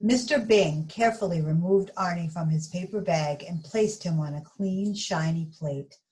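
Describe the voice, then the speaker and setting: A woman reading a bedtime story aloud in a gentle, expressive way. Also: on the low side, normal speed, rough recording.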